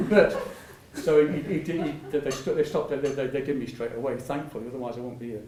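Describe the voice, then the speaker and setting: A man's voice: medium pitch, steady tone, brisk, hardly any pauses, heavy background noise. An older man, telling stories in a public talk, rambling with many restarts and frequent laughter. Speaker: patient speaker at a public talk. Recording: echoey hall, mic at a distance.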